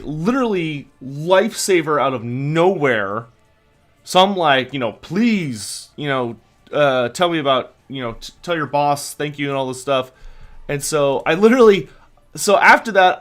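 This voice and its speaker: A young man hosting a casual livestream, telling a long rambling story full of fillers and restarts. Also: a little high. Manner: rambling storyteller, many fillers, animated retelling. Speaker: livestream host.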